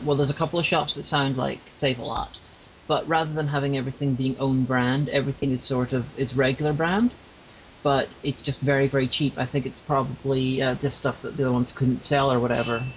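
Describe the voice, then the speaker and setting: A man from Northern Ireland co-hosting a podcast in casual chat, hesitant and halting as he talks. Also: medium pitch, steady tone. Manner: hesitant, many fillers and restarts. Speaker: podcast co-host. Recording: lo-fi with faint hiss.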